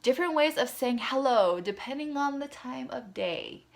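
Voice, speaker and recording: Lady teacher doing a video lesson, clear and patient, lots of repeat after me. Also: sits high, animated, normal speed. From Utah. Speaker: Japanese language teacher.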